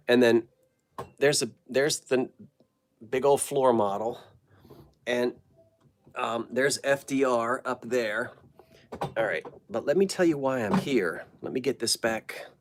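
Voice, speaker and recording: A middle-aged host from New Jersey, chatting casually on a live stream from a home basement and greeting viewers by name. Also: mid-range voice.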